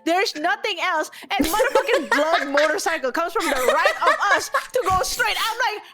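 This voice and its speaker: A woman's voice: very high-pitched, lively intonation, normal speed, over a noisy crowd. A woman with an Indonesian accent venting in casual chat, heated and sweary, laughing through her rant. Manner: heated, swears freely, laughs while ranting.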